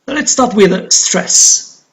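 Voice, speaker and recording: Slow, lively-voiced male English teacher. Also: sits high. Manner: slow, deliberate, repeats model words. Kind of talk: recorded pronunciation lesson.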